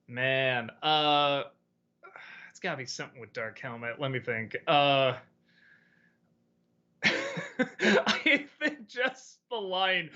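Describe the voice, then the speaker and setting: Bright-voiced man, laid-back chatty host. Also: a little high, takes it slowly, lo-fi sound. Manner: relaxed, rambling, laughs often. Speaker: host of a weekly Q&A stream. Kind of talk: casual chat answering viewer questions.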